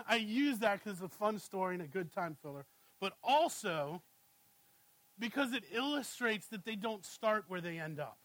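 A man in his thirties preaches in a relaxed, conversational way, asking "right?" again and again. His voice sits high for a man. The sound is dry and close. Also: normal speed, no echo, rough recording. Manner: conversational, asks "right?" often, animated when storytelling. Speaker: pastor. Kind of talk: sermon with family anecdotes.

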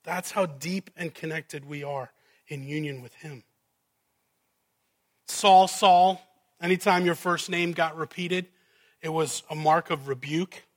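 High, bright-voiced man preaching slowly. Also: fairly even intonation. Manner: preaching with swelling emphasis and dropping to quiet asides. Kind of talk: sermon.

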